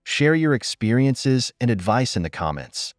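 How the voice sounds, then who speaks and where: A man's voice: medium pitch, very animated, moderate pace, no room sound, studio quality. A man hosting a commentary channel, reading scripted narration in a blunt, opinionated way. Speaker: channel host.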